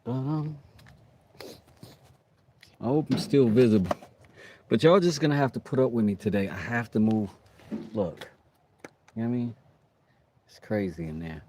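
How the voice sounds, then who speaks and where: A man's voice: mid-range voice, moderate pace, long pauses, a little mellow, a little hiss or hum. A man, chatting casually with viewers during a live stream while tinkering in his workshop. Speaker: livestream host. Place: home workshop.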